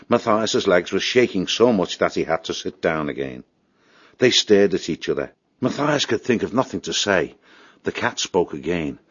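A man reading a storybook aloud in a steady, expressive voice. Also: low-pitched, husky, no echo, muffled recording. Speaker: narrator. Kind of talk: storybook narration.

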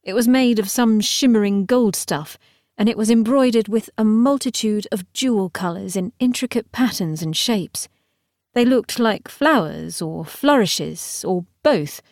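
This narrator, medium in pitch, tells a novel's story aloud with measured expression as scripted audiobook narration. The studio sound is clean, with no room sound.

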